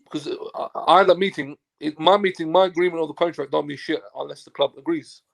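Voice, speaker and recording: A Turkish football agent, appearing as a guest, tells a casual anecdote in a gravelly, slightly raised voice that's a little high and fast. He acts out both sides of past conversations, curses freely, and stays animated throughout.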